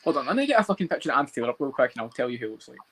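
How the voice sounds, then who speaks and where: A man co-hosting a casual podcast chat about fights, talking fast, swearing and laughing a lot. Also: mid-range voice, sing-song, fairly bright tone, husky. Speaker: podcast co-host.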